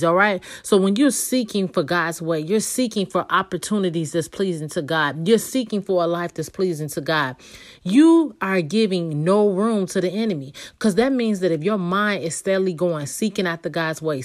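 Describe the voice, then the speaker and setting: A woman who speaks, leading a devotional talk in a fervent, repetitive preaching style with spoken prayers. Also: lowish voice. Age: adult.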